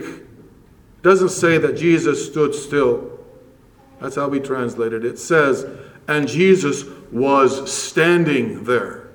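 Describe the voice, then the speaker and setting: A man preaching a sermon to his congregation in slow, measured phrases, rising strongly on key words and dropping to a hush. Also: mid-range voice, echoey room, rough recording. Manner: slow, measured preaching with dramatic rises and hushed drops. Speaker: pastor.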